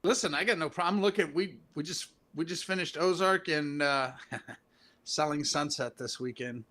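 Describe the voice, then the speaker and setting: A man's voice: on the high side, normal speed, bright, forceful tone. A man in casual podcast chat, joking and emphatic.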